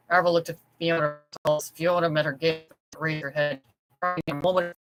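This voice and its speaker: An author reading their own novella aloud in steady, scripted storytelling. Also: medium pitch, moderate pace, loud music behind the voice, low-quality recording. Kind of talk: scripted audiobook narration.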